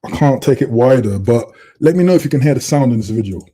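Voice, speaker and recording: A man's voice: medium pitch, animated, fast, warm tone, slightly rough. A man hosting a casual livestream, chatting and reading out comments from viewers on a computer mic. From Britain. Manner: chatty, reads out chat comments. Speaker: livestream host. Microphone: computer webcam mic.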